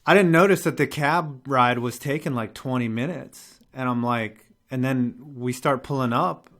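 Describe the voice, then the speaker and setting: A man's voice: mid-range voice, normal speed. A young man hosting a live show, telling a rambling story in casual, profane chat. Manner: animated, profane, rambling with restarts and laughs.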